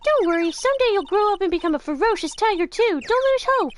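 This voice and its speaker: A woman voicing a bubbly, excitable young female assistant, chirpy and eager. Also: extremely high pitch, fast talker, slight background noise, voice pushed up.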